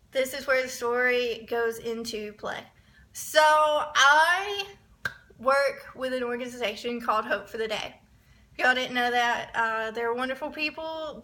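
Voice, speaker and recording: A young woman telling a rambling, excitable story in a casual vlog, often restarting her sentences. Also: high voice. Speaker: vlogger.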